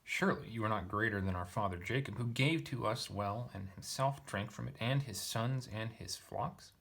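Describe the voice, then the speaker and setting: A man reading aloud the lines of a questioning woman from a translated text, his pitch lifted a little. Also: moderate pace, vocal fry, fairly bright tone, a little hiss or hum. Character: Samaritan woman at the well, questioning and wary.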